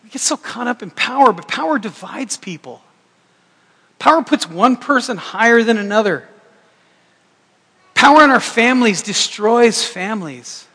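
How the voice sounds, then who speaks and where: High-pitched middle-aged pastor guy preaching, chatty and jokey, kinda rambly, long echo from the church. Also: expressive, moderate pace, long pauses, bright, forceful tone, breathy edge. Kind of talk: sermon.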